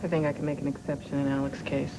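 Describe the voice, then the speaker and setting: A woman's voice: a bass voice, flat delivery, fast, very noisy. An actress playing an anxious, guilt-torn young mother in a daytime soap. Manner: anxious and earnest. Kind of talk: 1990s daytime soap acting.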